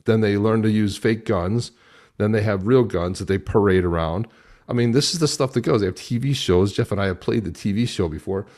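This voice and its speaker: A man with a fairly low voice hosts a podcast in casual chat. He talks in an animated, indignant way and stumbles over his words as he goes. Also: brisk. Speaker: podcast host.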